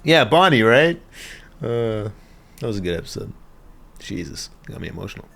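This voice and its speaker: A man's voice: lowish voice, very animated, moderate pace, creaky, fairly bright tone, a little hiss or hum. A man hosting an anime reaction video, chatting casually, swearing and laughing often as he rambles with lots of fillers.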